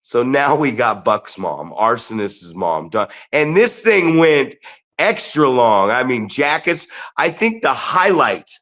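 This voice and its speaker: A man co-hosting a wrestling podcast, telling stories in an animated, excitable way with lots of restarts. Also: medium pitch, slow. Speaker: podcast co-host and wrestling promoter. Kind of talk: casual storytelling chat.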